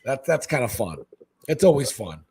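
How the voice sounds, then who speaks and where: A husky man from Hawaii chats as a podcast guest. His voice sits at an ordinary pitch, but he keeps launching into excited, high quoted voices. He drops "man" into nearly every sentence. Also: normal speed. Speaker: guest, fish-keeping content creator. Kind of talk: casual podcast chat.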